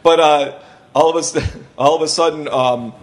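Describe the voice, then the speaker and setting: His voice runs on the high side at a normal speed. The man, a podcast host, rambles through stories in casual chat, animated and acting out the people he quotes.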